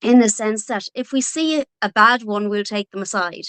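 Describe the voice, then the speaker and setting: A woman's voice: medium pitch, normal speed, a bit bright, dry recording. A woman from Donegal with an Irish accent, an author talking earnestly as an interview guest, with many fillers and restarts. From Ireland, Donegal. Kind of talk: casual interview talk.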